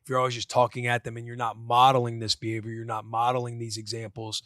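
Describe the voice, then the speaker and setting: A man's voice: mid-range voice, monotone, fast, a bit bright, no echo, studio quality. A man in his thirties co-hosting a casual podcast, talking earnestly and rambling through his points with lots of restarts. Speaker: podcast co-host.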